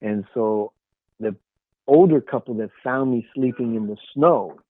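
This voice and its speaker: A man's voice: medium pitch, measured pace, no room sound. A man, an author and guest, earnestly telling an emotional life story in an interview. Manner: earnest, emotional, soft dips in quiet moments. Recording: tinny phone-like line.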